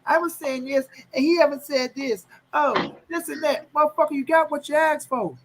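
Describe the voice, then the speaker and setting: A man co-hosting a boxing talk show, arguing loudly and profanely, talking over the other host in a heated casual debate. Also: extremely high pitch, fairly even intonation, a little fast, a little hiss or hum, poor audio.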